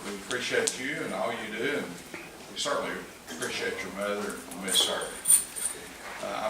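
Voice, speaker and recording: A man with an East Tennessee accent teaching a Sunday school class, folksy and joking, chuckling often. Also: fairly low pitch. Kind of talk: casual church class talk. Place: church classroom. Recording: echoey room, mic far off, noisy.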